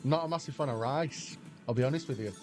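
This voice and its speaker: An English man chats loosely with his livestream viewers, answering their questions as they come in. His pitch sits in a plain middle range, and faint music plays behind him. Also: quick pace. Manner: rambling banter, answers chat questions aloud. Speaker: slot livestreamer. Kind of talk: casual chat with stream viewers.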